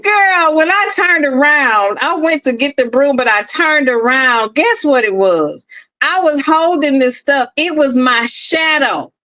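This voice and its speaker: Middle-aged woman host, high, bright and animated, casual storytelling. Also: measured pace, poor audio. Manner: animated, laughing often, addresses listeners as "girl". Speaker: podcast host. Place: at home, in her office.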